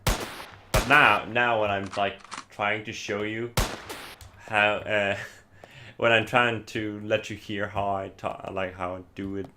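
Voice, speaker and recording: A man's voice: lowish voice, level tone, slow, background noise. A man whose first language is Icelandic chats casually while streaming a game, rambling with lots of fillers and restarts. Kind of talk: casual gameplay chat.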